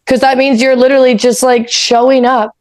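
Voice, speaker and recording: A woman's voice: sits high, little pitch movement, brisk, a little mellow, dry recording. A woman co-hosting a podcast, musing reflectively in casual chat and often saying "like". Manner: reflective, many "like" fillers. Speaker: podcast co-host.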